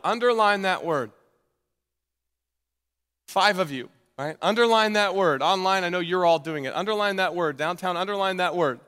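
A man preaching a sermon to his congregation in a casual, energetic way, often restarting his sentences. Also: a little high, a little fast, smooth. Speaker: pastor. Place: church sanctuary. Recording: long hall reverb.

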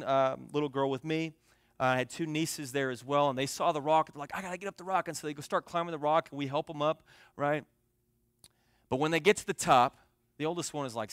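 A young man preaching a sermon, telling a story and swinging between soft, quiet passages and loud, emphatic ones. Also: medium pitch, dry recording. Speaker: pastor.

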